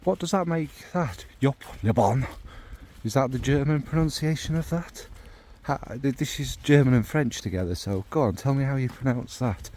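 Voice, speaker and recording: Male vlogger, rambling casual delivery, middle pitch, soft background hiss. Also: moderate pace. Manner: rambling, warm and enthusiastic about scents. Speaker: fragrance vlogger. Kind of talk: casual rambling chat to camera.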